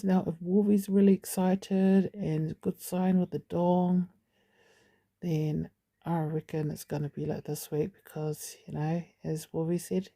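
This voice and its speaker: Woman vlogger, low and gravelly, casual rambling update to camera. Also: little pitch movement, a little slow, warm tone. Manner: chatty, rambling, with frequent asides. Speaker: channel host.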